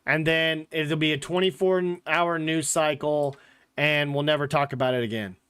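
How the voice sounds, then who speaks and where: Sports podcast host, male, higher voice, loose filler-heavy chat with blunt takes. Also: steady tone, normal speed, a bit bright, clear, resonant tone. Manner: rambling, filler-heavy talk with frequent "like" and "literally"; blunt, joking opinions.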